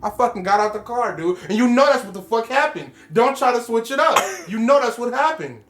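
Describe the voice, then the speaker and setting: Young male co-host: animated, crude, comedic storyteller with a very lively voice. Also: very high voice, a little fast, music in the background. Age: young adult. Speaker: podcast co-host. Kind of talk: casual comedic chat.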